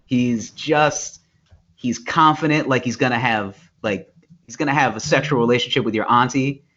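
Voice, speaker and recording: Male podcast co-host, mid pitch, rambling and halting, muffled lo-fi sound. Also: a bit bright. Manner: rambling, halting with fillers and restarts. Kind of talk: casual banter, wine tasting chat. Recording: dull lo-fi podcast audio.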